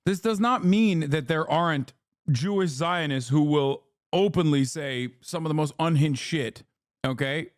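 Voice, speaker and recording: Male streamer in his thirties, blunt and profane, fairly high voice, dry close mic. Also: measured pace, dry recording. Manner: blunt, exasperated, swears freely. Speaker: streamer reacting to a video. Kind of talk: casual livestream commentary.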